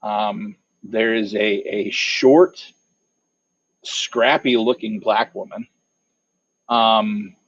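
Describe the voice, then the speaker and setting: Brief: male game master, slow and halting, describing scenes, dull dry lo-fi recording. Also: mid-range voice, no echo. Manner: hesitant, many fillers and restarts. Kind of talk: narrating a tabletop game.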